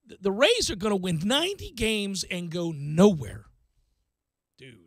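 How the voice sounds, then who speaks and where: A man hosting sports talk radio, chatting casually and excitedly, rattling off baseball stats and joking around. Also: high-pitched, a little slow, no room sound.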